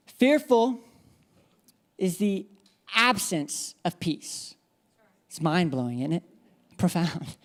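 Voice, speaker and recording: A woman's voice: lowish voice, lively intonation, slow pace, pauses often. A woman preacher giving an emphatic church sermon, repeating key phrases and leading the congregation in responses.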